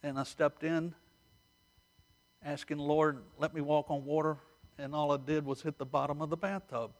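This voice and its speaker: Guy preaching, kinda high voice, telling stories all lively, talking right to the crowd. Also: moderate pace. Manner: animated storytelling, addresses the listeners directly. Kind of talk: sermon.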